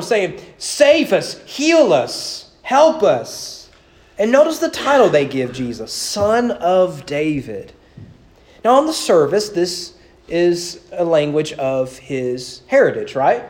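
A male pastor preaching a sermon in church, animated, with rhetorical questions and repeated words. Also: sits high. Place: church sanctuary.

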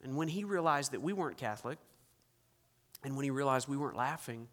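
Male pastor, sermon, dramatic preaching, loud to hushed, church sanctuary, long hall reverb. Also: medium pitch, normal speed.

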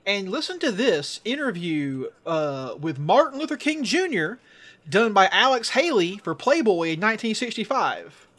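Man, high voice, comedy podcast co-host, swearing, laughing, animated. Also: normal speed. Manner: profane, laughing, animated storytelling. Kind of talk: casual comedic chat.

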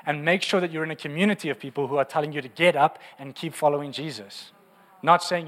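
A man preaching a humorous, lively sermon in a church. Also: a little high, quick pace, a faint crowd. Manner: humorous, animated preaching with acted prayers. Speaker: pastor. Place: large church hall. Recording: reverberant church hall.

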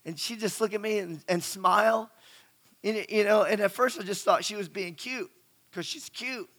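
Man, middle-aged, preacher, sermon, conversational, questions to audience, high bright voice. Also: normal speed. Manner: conversational, asks the crowd questions, repeats words.

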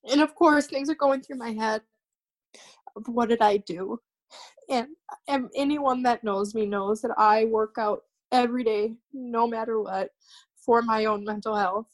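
This young woman, a podcast guest with a higher-leaning voice, tells a painful story about herself in a broken, halting way. She often repeats herself and begins sentences again.

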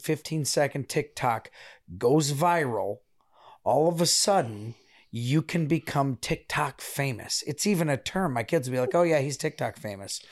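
A male podcast guest with a mid-range voice lays out his argument in a measured, explanatory way. He builds his point step by step, in the tone of a casual conversation. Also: medium pitch.

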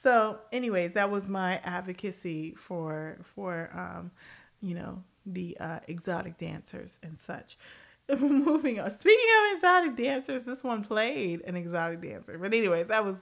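A woman's voice: medium pitch, animated, normal speed, gravelly, a bit bright. A woman hosting a casual pop-culture commentary show, blunt and profane, laughing often and jumping between tangents.

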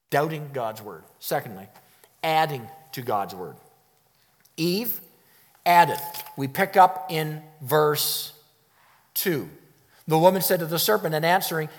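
A man's voice: high voice, animated, unhurried, long reverb tail. A man preaching a sermon. He speaks emphatically, repeats his key phrases and chuckles now and then.

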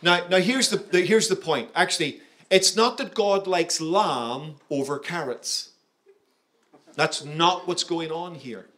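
A man's voice: fairly high pitch, takes it slowly, fairly bright tone. A male pastor preaching a sermon, emphatic and engaging, often checking in with his listeners through questions.

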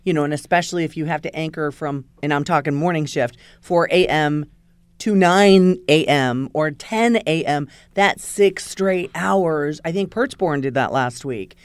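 A woman guest on a podcast, a former news anchor, chatting casually in a quick-witted, teasing way. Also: low-pitched, clear, resonant tone, no echo. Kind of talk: casual conversation.

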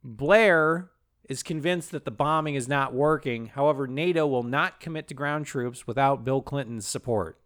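A man co-hosting a comedy podcast, recapping a story in a profane, animated way and slipping into silly character voices. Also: medium pitch, normal speed. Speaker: podcast co-host.

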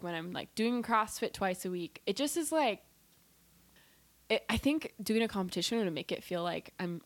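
A woman's voice: mid-range voice, no room sound. A woman chatting casually as a podcast guest, laid-back and full of "like" and laughs. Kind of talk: casual chat.

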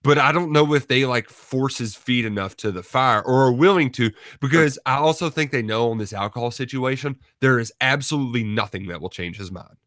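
A man's voice: medium pitch, a little fast, few pauses, a bit bright, dry recording, studio quality. A man co-hosting sports radio, talking casually with lots of fillers. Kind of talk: sports radio talk and live ad read.

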